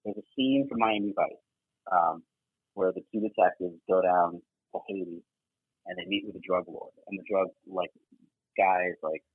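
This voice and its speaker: A man's voice: sits low, fairly even intonation, moderate pace, husky, no room sound. A man telling a story casually as a guest, swearing and filling his talk with fillers. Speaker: guest, former double agent. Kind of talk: animated storytelling. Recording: tinny phone-like line.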